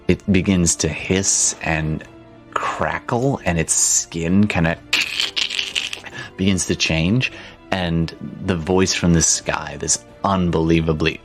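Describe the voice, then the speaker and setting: A man narrating a tabletop game as game master, halting with frequent ums and restarts. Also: low-pitched.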